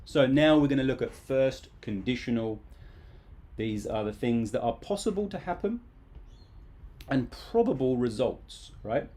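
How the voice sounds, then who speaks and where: A man's voice: mid-range voice, expressive, measured pace, dark tone. A man teaching English grammar in a casual, playful live online class.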